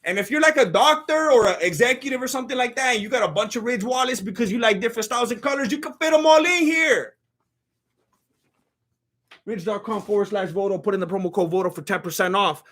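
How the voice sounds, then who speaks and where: Male comedic host, very high-pitched, bright and tense, excitable stammerer. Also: fast talker. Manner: animated, swings between loud outbursts and low mutters; stammers and restarts. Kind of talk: comedic commentary with a sponsor read.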